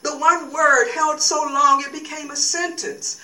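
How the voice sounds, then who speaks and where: A woman who teaches at a university, giving a lecture and reading from a novel, with halting speech full of fillers and restarts. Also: high voice, steady tone, sharp tone. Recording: echoey room, far from the mic.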